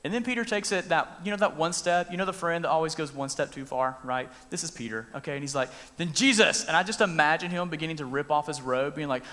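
A youth pastor giving a casual, animated sermon and acting out the story as he goes. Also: a little high, fast, hardly any pauses. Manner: animated, conversational, acts out scenes. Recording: long reverb in a large room.

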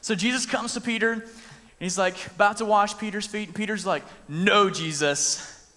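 A man preaches in a loose, conversational way, with a voice sitting a bit high for a man. He acts out the scenes as he talks. His voice rings out with a long reverb in a large room. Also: fairly even intonation, fairly quick, pushed and bright. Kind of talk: casual sermon.

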